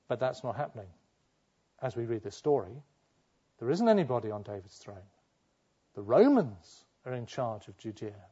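A man preaching a sermon at a middle pitch. He asks his listeners rhetorical questions and acts out the voices he quotes. The recording is slightly dull and lo-fi. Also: sing-song, normal speed, long pauses, mellow, breathy edge.

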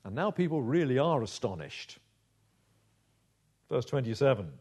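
A man preaching a sermon in a dramatic, measured way, slowing down to stress key phrases. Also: medium pitch, big pitch swings, a little mellow, slightly rough, lo-fi sound. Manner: dramatic, measured delivery with slowed emphasis.

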